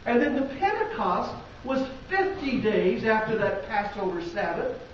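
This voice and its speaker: A man with a high, expressive voice and measured pace preaches a sermon in church; he's a pastor with a Midwestern American accent who speaks conversationally and asks the congregation rhetorical questions. The recording is very echoey, distant and dull lo-fi, with slight background noise.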